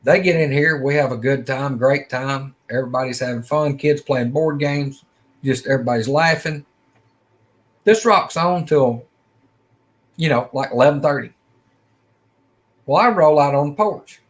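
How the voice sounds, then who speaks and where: A man's voice: mid-range voice, moderate pace, pauses often. A middle-aged man telling a personal story in a folksy, rambling way, acting out quoted lines. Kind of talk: casual first-person storytelling.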